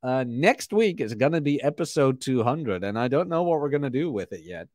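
A man's voice: medium pitch, lively intonation, brisk, a little mellow, dry recording, studio quality. A man hosting a casual livestream podcast, rambling as he reads and answers chat comments. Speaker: podcast host.

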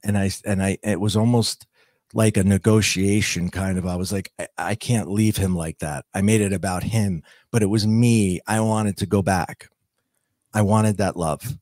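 A man's voice: lowish voice, fairly even intonation, normal speed, darkish tone, dry recording, studio quality. A man telling his own near-death story as a podcast guest, earnest and reflective, stopping and restarting as he searches for words. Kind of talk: personal storytelling.

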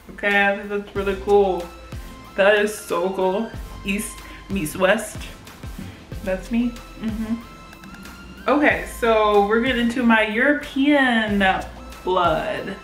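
Brief: young woman vlogger, unhurried giggly chat, roomy echoey room. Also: medium pitch, a bit bright, faint music behind. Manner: giggly, chatty, lots of fillers. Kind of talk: casual vlog chat. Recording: roomy echo.

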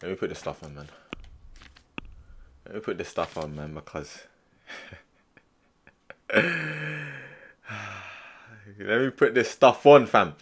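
A young man giving excitable, slang-heavy let's-play commentary, swinging between muttering and loud outbursts. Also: low voice, slow, long pauses. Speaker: gaming streamer.

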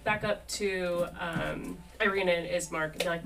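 A woman's voice: lowish voice, fairly even intonation, normal speed, creaky, hardly any pauses, fairly bright tone. Giggly distant woman player. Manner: giggly, casual. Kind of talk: playing a streamed tabletop game. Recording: distant mic with faint noise.

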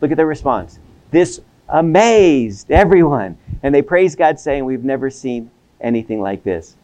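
A man giving an academic seminary lecture, animated, acting out quoted voices and often repeating words as he goes. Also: mid-range voice, measured pace. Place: lecture hall.

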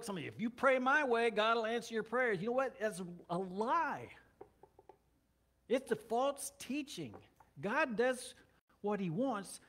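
Male pastor with a high-pitched voice, conversational sermon with light humor. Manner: conversational, joking asides. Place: church.

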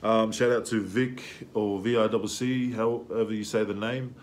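A man's voice: lowish voice, fairly even intonation, moderate pace, noisy background. A young man hosting a music reaction video, talking casually and with enthusiasm, full of slang and fillers.

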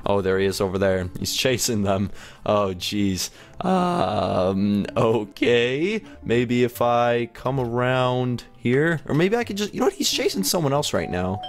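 A young man hosting a gaming channel, giving excitable, rambling gameplay commentary with frequent laughs and gasps. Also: medium pitch, a little slow.

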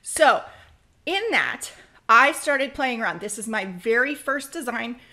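A woman hosting a screen-recorded crafting software tutorial, chatty and practical, speeding up when she gets excited. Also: a little high, unhurried. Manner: practical, direct advice.

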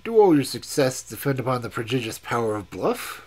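A man reading aloud and voicing a fierce, hot-tempered male explorer in a gruff, threatening, low voice with a husky tone. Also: big pitch swings, a little fast. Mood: defiant.

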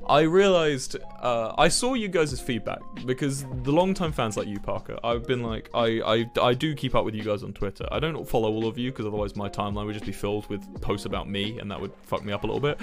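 A man's voice: on the low side, creaky. A young man streaming live, chatting casually with viewers, swearing freely and rambling with restarts. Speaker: livestreamer. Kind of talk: casual chat with viewers while gaming.

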